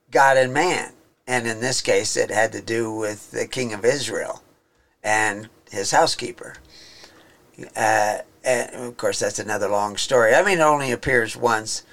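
A man talks through scripture in an informal teaching style, slow and unhurried. He rambles, stops to restart his sentences and fills the gaps with ums and uhs. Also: mid-range voice, fairly bright tone. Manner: rambling, halting, with many fillers and restarts. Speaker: Bible teacher. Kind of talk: informal Bible teaching talk.

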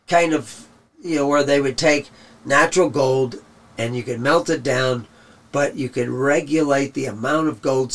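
Gravelly man teaching scripture off-mic. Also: a little high, far from the mic. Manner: rambling, conversational. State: losing his voice. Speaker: Bible teacher. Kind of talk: casual Bible teaching.

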